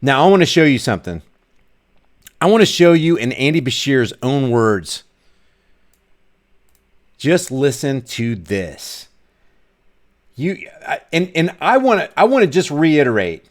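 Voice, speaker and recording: A man's voice: mid-range voice, big pitch swings, measured pace, pauses often. A middle-aged man ranting in a commentary vlog, fiery and preachy, hammering his points home through repetition. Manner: fiery, preachy, emphatic, repeats himself. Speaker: vlogger.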